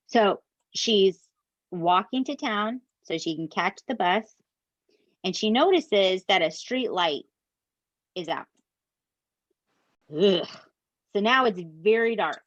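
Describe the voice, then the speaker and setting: Animated woman telling a true crime story. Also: mid-range voice, slow, no echo, highs cut off. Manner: animated, swears, addresses listeners as "you guys". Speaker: podcast co-host.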